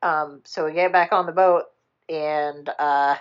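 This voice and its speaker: Lower-pitched woman rambling through a plot. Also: clean tone, muffled recording. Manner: rambling, animated retelling with quick put-on character voices and swearing. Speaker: podcast co-host retelling a film. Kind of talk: casual chat.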